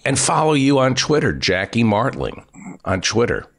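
A man's voice: medium pitch, big pitch swings, moderate pace, vocal fry. A man hosting a show, feeding a guest prompts with short, dry replies. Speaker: podcast host. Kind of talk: casual chat.

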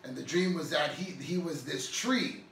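A man's voice: fairly high pitch, normal speed, a bit bright, reverberant, recorded from a distance. A man pastor preaching an earnest, emphatic sermon, repeating phrases for weight.

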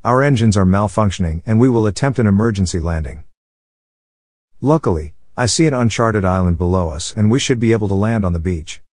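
A man's voice: lowish voice, expressive, a little fast, a little mellow, no echo, studio quality, natural voice. A man voicing an airline captain giving a formal announcement to passengers. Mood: grave.

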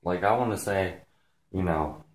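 Casual vlogger, male, deep and unhurried, rambling, excitable and emotional. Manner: rambling, heavy use of "like" and "frickin'"; excited and emotional, close to tears. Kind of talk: casual vlog talk.

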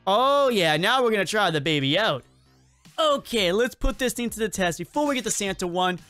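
A man hosting a casual let's-play video, talking in an excitable, rambling and self-mocking way as he comments on the game. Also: high-pitched, moderate pace, no room sound, soft background music. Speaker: gaming video host.

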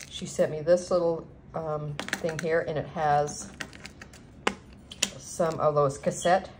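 A craft vlogger with a low, slightly mellow voice chats casually while unboxing craft supplies at home. She gushes over everything and fills the gaps with plenty of ums. The home recording is noisy.

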